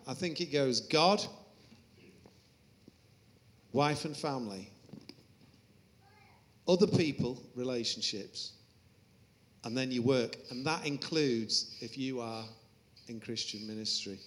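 A man's voice: mid-range voice, slow, pauses often, a bit bright. A man, a Christian musician, speaking as an interview guest. He moves from earnest reflection to self-mocking stories told with laughter. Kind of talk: anecdotal interview talk.

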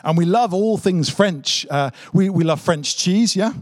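Earnest pastor, dry close sound. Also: male voice, high voice, measured pace, dry recording. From Britain. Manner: dramatic storytelling with emphatic repetition. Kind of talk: online Easter sermon.

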